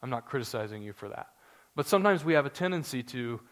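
A man in his forties preaching a sermon to his congregation, earnest and story-driven, building to excited emphasis. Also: mid-range voice, fast talker. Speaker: pastor.

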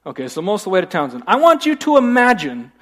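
Man, pastor, high voice, casual jokey sermon, church. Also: wildly swooping pitch, fast, a bit bright. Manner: conversational, joking asides.

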